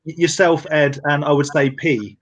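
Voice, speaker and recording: A man's voice: fairly high pitch, steady tone, dull audio. A man co-hosting a toy collectors' live show over a video call, teasing and joking in casual banter. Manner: quick, jokey, teasing.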